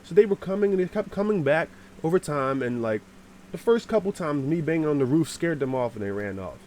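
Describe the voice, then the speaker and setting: Animated man telling a rambling story. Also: a little high, a little fast, a little hiss or hum. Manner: animated, swears, shouts out acted lines; slangy and rambling. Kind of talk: casual storytime vlog.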